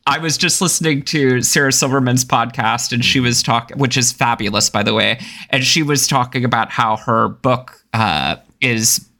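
A man's voice: mid-range voice, steady tone, normal speed, hardly any pauses, pushed and bright. A man hosting a podcast, chatty and laughing easily as he tells stories. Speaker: podcast host. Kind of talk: casual chat.

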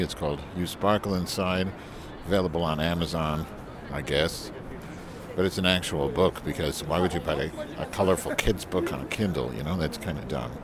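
A man's voice: low-pitched, background noise. A man rambling and joking crudely to his recorder outdoors, repeating silly phrases while testing a new windscreen. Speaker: vlogger. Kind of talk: rambling outdoor vlog, mic test. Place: outdoors with wind. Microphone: handheld recorder with windscreen.

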